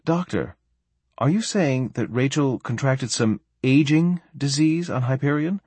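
A man's voice: mid-range voice, unhurried, a little mellow, slightly rough, dry recording, voice pushed up. A male narrator voicing an anxious father who presses for answers. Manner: insistent questioning. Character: worried, demanding father.

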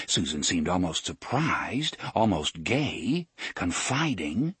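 A man narrating an audiobook in a measured, deliberate way. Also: low voice, animated, fairly bright tone, breathy edge, no echo.

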